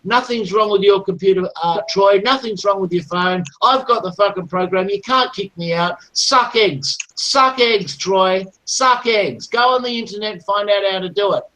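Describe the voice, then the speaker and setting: A man's voice: high-pitched, normal speed, hardly any pauses, bright, forceful tone, poor audio. A man in a heated online voice chat, taunting and swearing aggressively. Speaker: chat room participant.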